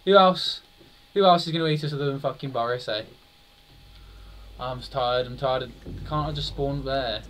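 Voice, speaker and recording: A young man commentating on his own horror-game playthrough, muttering and swearing, then bursting into loud shouts. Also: mid-range voice, normal speed, a little hiss or hum. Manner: swears a lot, swings from muttering to loud outbursts. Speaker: gaming streamer. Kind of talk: let's play commentary.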